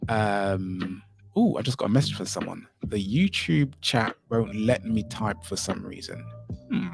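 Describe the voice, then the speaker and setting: A man's voice: lowish voice, animated, unhurried, creaky. Chatty man thinking aloud on a livestream. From Saint Kitts and Nevis. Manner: chatty, rambling, thinks aloud while fiddling with settings. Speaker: livestream host. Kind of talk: casual live-stream talk. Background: faint music.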